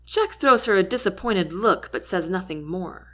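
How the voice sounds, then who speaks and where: A woman narrating a first-person novel aloud, giving each character a voice of their own. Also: moderate pace. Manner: lively, shifts pitch and loudness for each character. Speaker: audiobook reader.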